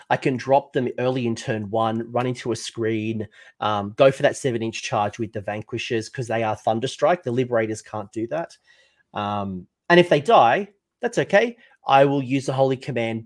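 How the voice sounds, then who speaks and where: A man co-hosts a casual tabletop gaming chat. His voice sits in a middle pitch, and he rambles in a loose, self-mocking way about his bad luck. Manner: chatty, self-mocking, animated complaining. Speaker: podcast co-host.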